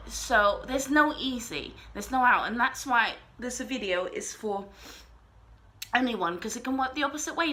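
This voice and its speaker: Bright-voiced woman talking earnestly. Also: on the high side. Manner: earnest, rambling, emphatic. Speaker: vlogger. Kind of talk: casual talk to camera.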